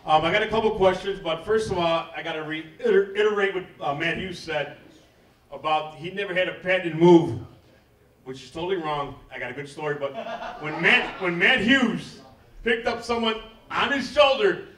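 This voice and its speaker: Audience guy at a live Q&A: eager, bright, forceful voice, echoey hall, far from the mic. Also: high-pitched, moderate pace. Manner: enthusiastic, keeps asking "am I right". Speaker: audience member asking questions. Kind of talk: casual Q&A from the audience. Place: event hall.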